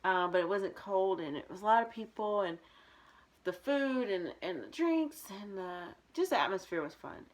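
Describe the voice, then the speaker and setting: A young woman vlogging, telling a personal story in a candid, rambling way with many fillers and restarts. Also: mid-range voice.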